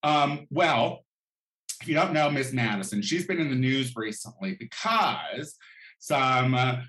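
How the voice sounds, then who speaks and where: Man, sassy campy rant, profane, animated swooping voice, roomy echo. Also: mid-range voice, a little slow. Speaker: vlogger. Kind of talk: comedic rant. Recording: echoey room.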